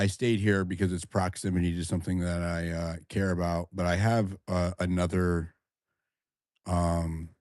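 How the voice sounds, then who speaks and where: A man hosting a casual audio chat room, talking haltingly with many restarts. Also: deep voice, darkish tone, no echo, studio quality.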